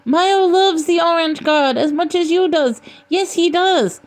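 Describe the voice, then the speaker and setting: A woman's voice: very high-pitched, measured pace, pitched above the performer's own voice. A woman voicing a fawning, groveling male creature who whines and pleads for attention. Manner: wheedling, whiny, pleading.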